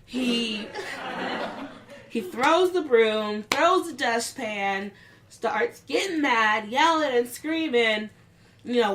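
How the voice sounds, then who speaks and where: This woman speaks in a slightly high voice and never rushes. She tells a story from her job in casual chat, acting out the quotes of the people involved. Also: animated, fairly bright tone. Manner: unhurried, acts out the quotes of others with raised voices. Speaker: guest telling a work story.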